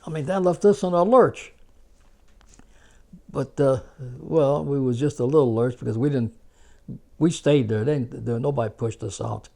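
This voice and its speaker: Gravelly older American man. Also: mid-range voice, normal speed, pauses often. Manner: rambling, animated, laughs at his own stories. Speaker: war veteran telling stories. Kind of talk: casual spoken storytelling.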